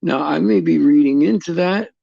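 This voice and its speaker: A middle-aged man hosting a casual faith talk for viewers, halting and repeating words as he restarts his sentences. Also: fairly high pitch, creaky, no room sound, lo-fi sound. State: tearful at times. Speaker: host.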